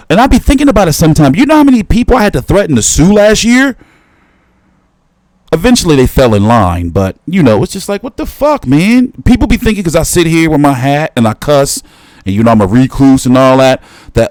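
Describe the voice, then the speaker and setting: A man talks boxing on his own stream, cussing and rambling as he reacts to clips. His voice jumps up and down in pitch, and the sound is dry and close with no room around it. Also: a little mellow, no echo. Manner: profane, rambling, talks back to viewers. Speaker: boxing commentary host. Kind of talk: casual reaction commentary.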